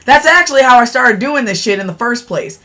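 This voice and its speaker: Slightly high and animated, her bright, forceful voice moves fairly quickly as she chats casually on her livestream. This blunt, profane host addresses her viewers directly as y'all, despite a sore throat.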